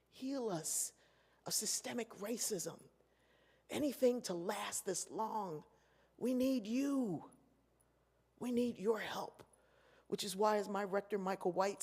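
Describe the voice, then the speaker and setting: A woman giving a keynote address, telling stories and acting out the voices of the people in them. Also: medium pitch. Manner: animated, acts out voices in her stories. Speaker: keynote speaker. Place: large convention hall. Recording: echoey hall.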